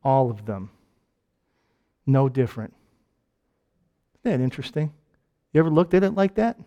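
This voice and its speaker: A man with a Michigan accent preaching a conversational sermon, firing off rhetorical questions and jokes and swinging between loud and quiet. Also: mid-range voice, sing-song, moderate pace, dull audio. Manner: asks lots of rhetorical questions.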